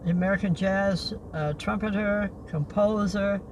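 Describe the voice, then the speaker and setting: An older man hosting a livestream outdoors by the beach, reading historical notes in a halting way and slowing down on names. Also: high-pitched, steady tone. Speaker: livestream host. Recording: noisy outdoor recording.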